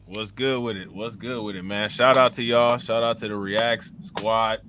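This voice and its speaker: Male podcast host, relaxed slangy delivery, bright tone. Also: lowish voice, moderate pace, slight background noise. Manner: laid-back, slangy, shouting out viewers. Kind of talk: casual livestream podcast chat.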